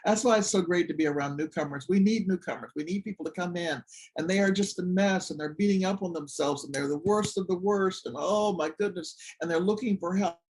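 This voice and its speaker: A recovery support group leader giving a personal, testimony-style talk, telling stories with animation and swinging from excited highs to soft low asides. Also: fairly quick. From Washington, DC area.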